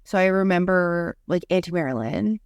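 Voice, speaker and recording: A woman's voice: on the low side, normal speed, clean tone, no echo, studio quality. A young adult woman, a podcast co-host, telling a story in casual chat and filling it with lots of "like". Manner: rambling, heavy use of "like" fillers.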